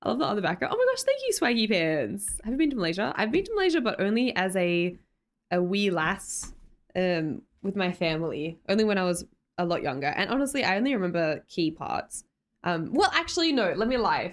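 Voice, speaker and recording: Chatty Australian woman streamer. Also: fairly low pitch. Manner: chatty and giggly, with frequent fillers and self-corrections. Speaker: livestream host. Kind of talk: casual chat reading viewer comments.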